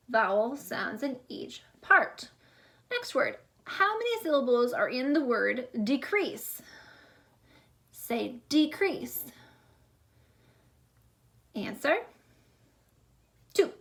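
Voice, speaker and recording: A young woman teaching a remote lesson to young schoolchildren, speaking slowly and clearly with a drawn-out teacher delivery. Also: high voice, sing-song, a bit bright. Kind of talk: remote class video lesson.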